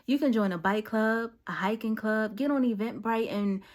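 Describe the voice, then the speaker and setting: A woman's voice: on the high side, normal speed. A woman giving casual, slangy encouragement straight to her viewers, talking directly like a friend with a message. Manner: conversational, slangy, direct and preachy. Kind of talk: casual motivational talk to camera.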